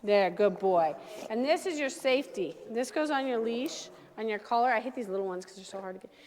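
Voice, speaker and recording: High-voiced woman coaching a dog class. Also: lively intonation, a little mellow. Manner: brisk coaching, gives direct commands to owners and dogs. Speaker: dog trainer. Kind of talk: hands-on class instruction. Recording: long reverb from a large room.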